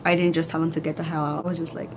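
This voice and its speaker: A woman's voice: low voice, flat delivery, very fast, noisy background. A young woman telling a story in a rambling way with lots of "like", in casual chat. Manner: rambling, says "like" a lot. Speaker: vlogger.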